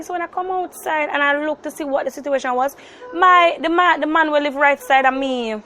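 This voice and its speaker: Young Jamaican woman, nineteen, high voice, animated vlog storyteller who drops into patois. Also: brisk, a little hiss or hum. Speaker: vlogger. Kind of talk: casual storytelling to camera.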